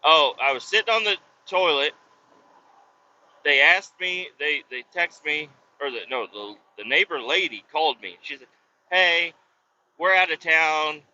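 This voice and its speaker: A man's voice: on the high side, expressive, a little slow, bright, forceful tone. A man hosting a podcast while driving, telling a rambling, swear-heavy story with exasperation. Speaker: podcast host. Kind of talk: casual rant while driving. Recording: dull lo-fi with faint road noise.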